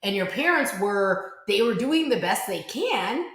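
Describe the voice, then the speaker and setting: A woman guest on a podcast in casual conversation, animated and laughing, often quoting people in lively voices. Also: mid-range voice, unhurried, echoey room. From United States. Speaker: podcast guest, branding expert.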